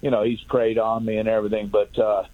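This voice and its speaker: A man in his fifties from Southern California, calling in to a radio show and telling a long, halting story full of fillers and restarts. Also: on the low side, level tone. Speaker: caller. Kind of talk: rambling call-in story. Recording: tinny phone line.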